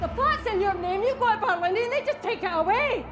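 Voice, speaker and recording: A scolding wife. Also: female voice, extremely high pitch, expressive, fairly quick. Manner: biting, scolding. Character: angry wife on the phone, sharp and scolding.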